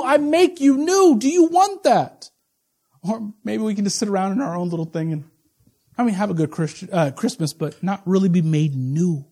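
A man in his forties, a pastor with a notably high voice, delivers a sermon. He drops low and close for confiding asides, then draws out words slowly and loudly when he proclaims. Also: animated. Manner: swings from low, intimate asides to loud, slow, emphatic proclamation.

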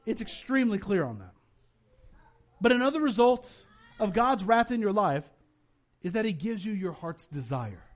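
A male pastor delivering a sermon with a notably high-pitched voice. He tells lively personal stories and slips into the voices of the people he quotes. His delivery is animated and conversational. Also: moderate pace, long pauses. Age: adult, has children.

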